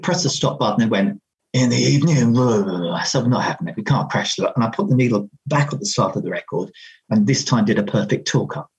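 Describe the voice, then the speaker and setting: A man, a radio DJ, telling a story about his career in a casual, animated way, acting out the quoted dialogue with lots of restarts. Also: fairly low pitch, slightly rough, rough recording.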